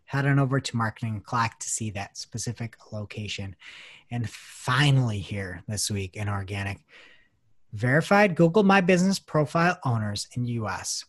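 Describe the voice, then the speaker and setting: A man co-hosting a marketing news podcast, joking and animated in casual chat. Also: mid-range voice, moderate pace. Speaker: podcast co-host.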